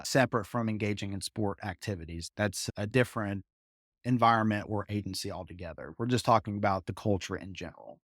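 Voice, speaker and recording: A man's voice: medium pitch, dry recording, clean studio sound. A man with a Southern American accent, teaching a psychology lecture in a conversational way with asides. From Southern United States. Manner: conversational, explains with asides and fillers. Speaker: psychology instructor. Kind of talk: recorded lecture over slides.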